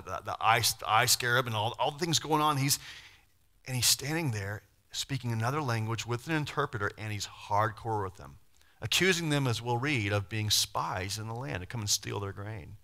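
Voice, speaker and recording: Middle-aged male pastor, bright forceful tone, chatty animated sermon delivery. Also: medium pitch. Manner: animated, conversational preaching with sudden loud and quiet swings.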